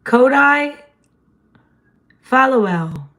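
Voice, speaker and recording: A woman, hosting a casual livestream chat in a slightly hoarse voice and laughing often. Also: high voice, expressive, extremely slow, a bit bright. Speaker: livestream host.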